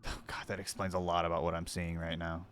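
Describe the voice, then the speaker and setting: A man's voice: low-pitched, level tone, fast talker, a bit bright, smooth. A young man streaming and reacting to videos, talking to his chat in a profane, sarcastic way. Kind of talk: casual live-stream commentary.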